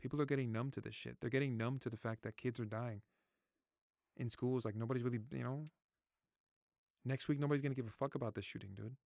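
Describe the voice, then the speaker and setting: A man's voice: mid-range voice, fairly even intonation, fast, creaky, long pauses, darkish tone, no room sound, studio quality. A man in his thirties giving his opinions in a casual vlog, repeating himself, swearing freely and fighting back tears. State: close to tears. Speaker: vlogger. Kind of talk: casual opinion talk to camera.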